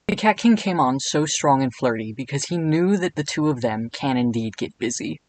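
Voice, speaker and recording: A man narrating a comedic video essay in an irreverent, jokey way with deadpan asides. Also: mid-range voice, normal speed, hardly any pauses, poor audio.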